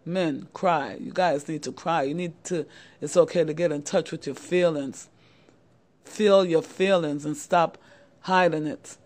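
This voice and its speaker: A middle-aged channel host gives young men a motivational talk to camera, earnest and repetitive, frequently addressing them as "guys." She has a low, a little mellow voice with a steady tone and speaks a little slowly.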